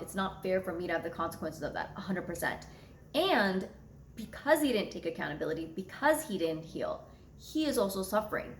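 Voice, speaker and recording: A woman's voice: mid-range voice, slight background noise. A woman talking frankly and casually to her viewers, blunt and unafraid to swear, recorded in an echoey room. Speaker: astrology content creator. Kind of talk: candid conversational monologue.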